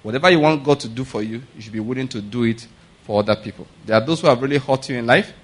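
A man's voice: medium pitch, fast. A man preaching a sermon, often checking with his congregation that they follow him, breaking into pidgin and laughter as he tells stories. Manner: animated storytelling with pidgin asides, laughing; repeats questions to the congregation. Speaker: pastor.

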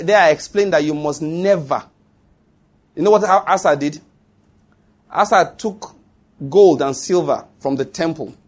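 Man preaching, husky voice, gets loud then goes quiet and slow, keeps quizzing the crowd. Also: on the high side. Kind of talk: sermon.

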